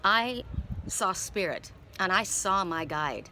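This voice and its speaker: A woman's voice: medium pitch, expressive, slow pace, bright, forceful tone, slight background noise. A middle-aged woman who reads tarot cards, telling a personal story in a rambling, emotional way with many repeated words. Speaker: tarot card reader. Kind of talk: casual spoken storytelling.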